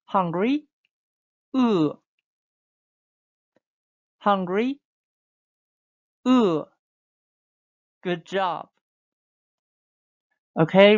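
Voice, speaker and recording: A woman teaching a beginner Chinese lesson, modelling sounds slowly for learners to repeat. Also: fairly low pitch, clean tone, dull audio. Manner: slow, drawn-out demonstration sounds for repeating. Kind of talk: online language lesson.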